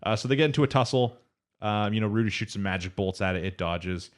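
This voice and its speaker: Low-voiced guy rambling through an anime recap, casual podcast chat. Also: quick pace. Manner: rambling recap, quoting characters in his own voice.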